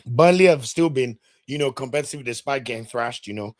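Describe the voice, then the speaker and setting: A Nigerian man hosting a football podcast, talking casually, opinionated and ranting with sudden loud exclamations. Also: mid-range voice, a little fast, no room sound, studio quality. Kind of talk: casual solo football commentary.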